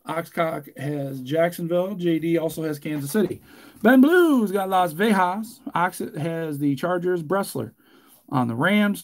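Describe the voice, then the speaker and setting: A man hosts a live card break, talking casually and cracking jokes. His voice sits a little high, and he turns loud and excited when the hits come. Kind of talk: live stream break commentary.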